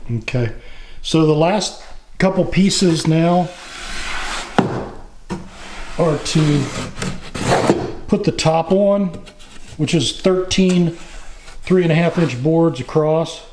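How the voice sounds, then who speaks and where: A middle-aged man narrating his woodworking project in a casual, plain-spoken way, pausing often with fillers. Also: fairly high pitch, background noise. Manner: slow, plain-spoken, with frequent pauses and fillers. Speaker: woodworking channel host.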